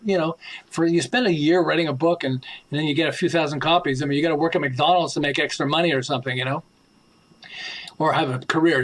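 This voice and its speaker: Man, high voice, author interview guest, animated storytelling, acts out dialogue, chuckles. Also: low-quality recording.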